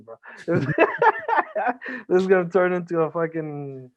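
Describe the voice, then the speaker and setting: A man's voice: on the high side, a little slow, darkish tone. A man as a podcast guest, talking earnestly and emotionally, swearing a lot and often restarting his sentences. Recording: band-limited phone-like audio.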